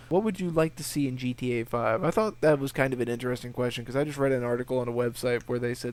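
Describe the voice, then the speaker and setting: A man's voice: medium pitch, quick pace, few pauses. A young man answering viewer questions in a casual vlog. He swears freely and rambles through his stories. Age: young adult. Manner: profane, rambling storyteller who acts out voices. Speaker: gaming video creator.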